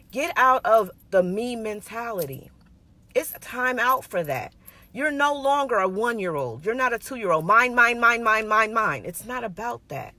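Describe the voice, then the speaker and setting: A woman's voice: on the high side, fairly bright tone, no room sound. A woman giving an earnest, conversational sermon, emphatic and personal, repeating her points. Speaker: minister.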